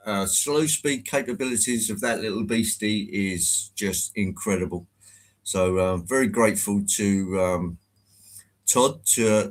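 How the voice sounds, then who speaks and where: A man hosting a live stream in a genial, rambling way, greeting viewers one by one. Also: mid-range voice. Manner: genial, rambling, chatty with fillers.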